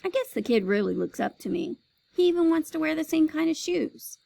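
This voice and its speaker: A woman, a teacher, reading a children's chapter book aloud with expressive storytelling. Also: sits high, a little fast, gravelly, no room sound, low-quality recording.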